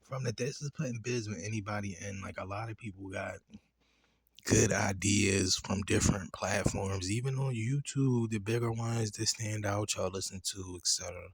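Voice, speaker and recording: Man, low voice, AAVE, casual profane show-review rant, laughs easily. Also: moderate pace, husky, dry recording. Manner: loose, chatty, profane storytelling with laughs.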